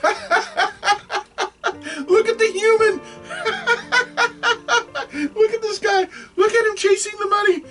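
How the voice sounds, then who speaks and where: Shrieking cackling demons. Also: male voice, fairly even intonation, takes it slowly, long pauses, distant mic, faint music behind. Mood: cackling taunt. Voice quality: shrieking laughter, very high. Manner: gleeful taunting. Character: cackling mocking demons jeering at humans.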